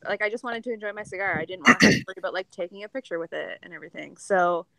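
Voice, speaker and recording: A woman's voice: mid-range voice, lively intonation, very fast, gravelly, a crowd in the background, poor audio. A woman with a Canadian accent, a podcast guest chatting casually, full of "like" fillers. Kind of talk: casual chat.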